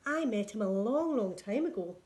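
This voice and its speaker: A woman voicing a big male gruffalo father, telling a tale in a thoughtful storytelling voice. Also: mid-range voice, lively intonation, normal speed, darkish tone, natural voice.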